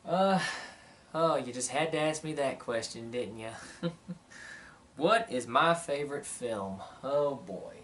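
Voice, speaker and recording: A man's voice: medium pitch, expressive, slow, pauses often, fairly bright tone, distant mic, slight background noise. A man answering viewer questions in a casual vlog, rambling and chatty, with many fillers. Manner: rambling, chatty, lots of "you know" and "uh". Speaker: vlogger.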